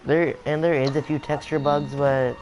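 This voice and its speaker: A man co-hosting a casual game review, steering the topics and giving measured opinions. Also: on the high side, little pitch movement, darkish tone, a little hiss or hum, poor audio. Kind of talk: casual chat.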